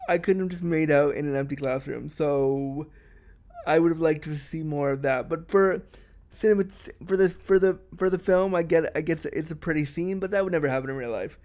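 Male podcast host, slightly high voice, frank and fast-talking, candid film commentary. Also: a little mellow. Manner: frank and chatty, says he talks fast.

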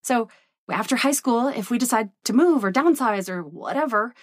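A woman's voice: on the high side, animated, normal speed, dry recording, studio quality. A woman in her thirties talking to camera in a candid, casual vlog, chatty and full of "like" and "right?". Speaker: business coach and vlogger.

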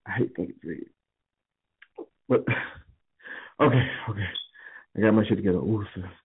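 A tipsy man rambles through a profanity-laced voicemail. His voice is husky and comes through a thin, tinny phone line. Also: fairly low pitch, slow, long pauses. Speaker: voicemail caller.

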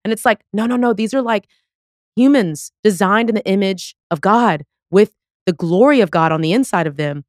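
A woman's voice: mid-range voice, normal speed, no echo, clean studio sound. A woman in her thirties hosting a podcast, chatting casually and effusively, quoting herself as she goes. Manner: effusive, talks through laughs and quotes herself. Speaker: podcast host. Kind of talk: casual chat.

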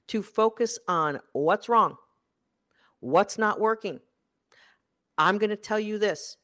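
A career coach delivering an emphatic motivational monologue, repeating key phrases for effect. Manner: emphatic and repetitive, with big swings in pitch and loudness.

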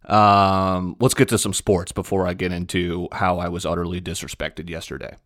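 A man's voice: deep voice, level tone, moderate pace, a bit bright. A young man hosting a podcast, giving blunt, opinionated sports talk with frequent fillers. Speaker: podcast host. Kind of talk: casual sports talk monologue.

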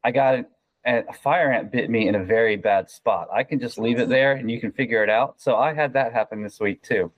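A man's voice: mid-range voice, a little fast, no room sound, low-quality recording. A man joining a chat podcast as a guest, telling stories in a wry, joking way. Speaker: patron guest. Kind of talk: casual chat.

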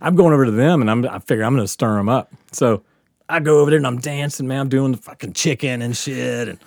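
Quick and creaky at a medium pitch, a fifties-aged male podcast co-host animatedly recounts a wild tale, cursing liberally and laughing as he talks. The casual storytelling comes through as a dry recording with clean studio sound.

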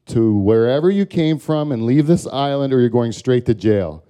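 A pushy, bullying male island cop, as a man puts him on who barks orders and threats. His voice is mellow and mid-pitched. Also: animated, moderate pace, clean tone, natural voice. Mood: threatening.

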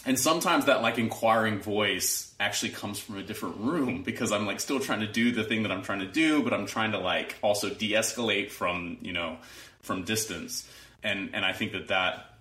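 A man's voice: lowish voice, normal speed, bright, forceful tone, reverberant. A man, a father and lawyer, talking casually about family struggles in a rambling way, full of "like". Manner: rambling, heavy use of "like". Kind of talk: casual conversation.

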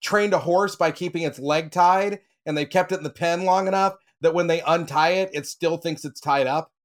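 High-voiced man in his forties. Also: moderate pace. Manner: laughing, self-mocking. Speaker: school teacher, podcast panelist. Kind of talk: casual storytelling.

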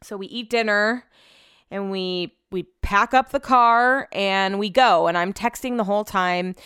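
A woman podcast host rambles through a long personal story in a casual monologue. She talks animatedly, swears freely and acts out quoted exchanges. Her voice is smooth and clean, and the sound is dry and close. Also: medium pitch, measured pace, a bit bright, no room sound.

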